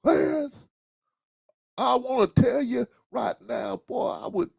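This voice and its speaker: A man's voice: extremely high pitch, slow, gravelly, husky, no echo, clean studio sound, pitched above the performer's own voice, exaggerated voice. A man voicing his stern, old-school Southern father with a Southern accent, mimicking him scolding his son. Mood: angry.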